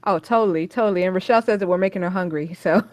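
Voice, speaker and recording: Female podcast host, lower pitch, supportive agreeing manner. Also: a little mellow. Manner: affirming, quick agreement. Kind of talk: casual interview chat.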